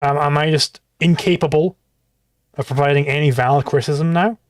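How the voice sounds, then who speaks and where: A man's voice: a little high, steady tone, fairly quick, a little hiss or hum. A man hosting a livestream reaction, ranting in a heated, profane and rhetorical way. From outside the US. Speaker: livestream host reacting to a clip.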